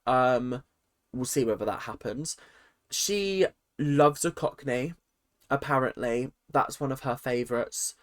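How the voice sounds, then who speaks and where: A man, chatting through a casual, opinionated rant vlog full of lively asides. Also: medium pitch, slow. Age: 20s. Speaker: vlogger.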